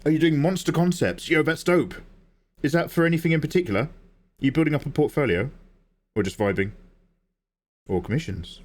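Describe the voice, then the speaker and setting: A man's voice: fairly high pitch, brisk, long pauses. An Australian man chatting casually while drawing on a livestream, laid-back, swearing and laughing as he reads chat. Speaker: art livestreamer.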